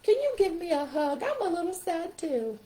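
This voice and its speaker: A woman voicing a gentle, comforting soft toy in a soft, tender, high voice. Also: sing-song, normal speed.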